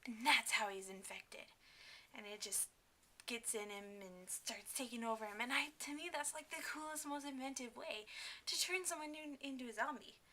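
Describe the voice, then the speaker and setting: A young woman vlogs from home into her camera's own mic, chatty and eager, scattering fillers and side remarks as she goes. Her voice sits a bit high and bright. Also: normal speed, slight background noise. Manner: chatty and enthusiastic, with many fillers and asides. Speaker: vlogger. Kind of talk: casual talk to camera.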